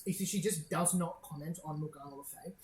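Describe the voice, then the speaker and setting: A woman's voice: low-pitched, fast, darkish tone, reverberant, a little hiss or hum, poor audio. A woman narrating a tabletop game as game master, describing scenes with many hesitant fillers.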